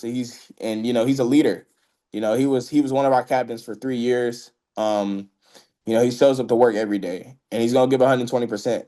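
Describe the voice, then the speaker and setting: A man's voice: medium pitch, dark tone. An American man, a football player, talking casually and earnestly as an interview guest, peppering his speech with "you know" and "man.". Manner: earnest, repeats himself, drops "you know" and "man" often.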